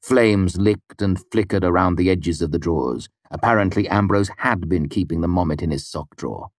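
A man narrates a first-person audiobook in a deep, low register. His delivery is measured and quietly wry. The sound is close and dry, with no room around it. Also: no echo.

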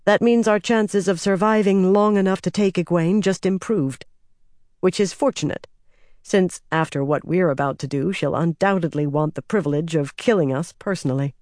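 A man reading an audiobook, voicing a sharp-tongued, proud woman leader with crisp, exasperated retorts. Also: on the low side, moderate pace, no echo, studio quality, close to an everyday voice. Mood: tart.

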